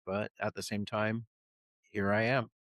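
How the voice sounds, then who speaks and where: Soft-spoken, thoughtful man. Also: on the low side, flat delivery, a little slow, no echo. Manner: thoughtful, soft-spoken, self-described introvert. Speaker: elf performer, co-host. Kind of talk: casual fireside chat.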